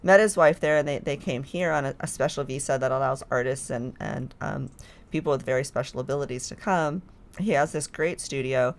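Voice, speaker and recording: A woman's voice: rumbling low, a little fast. A woman guest on a podcast, talking in a chatty, enthusiastic way with many fillers. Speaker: podcast guest, filmmaker staff. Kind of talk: casual chat.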